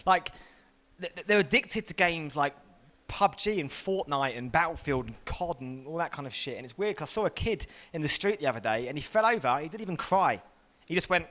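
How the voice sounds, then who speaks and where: A man's voice: fairly high pitch, animated, a little fast, a bit bright. A man with an English accent doing a stand-up comedy set, rambling and self-mocking, laughing often. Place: small hot enclosed room.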